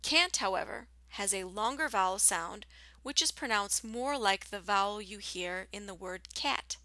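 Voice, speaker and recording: A woman teaching a scripted English pronunciation lesson, speaking slowly and carefully with clear enunciation and a soft, partly whispered delivery. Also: mid-range voice, no room sound.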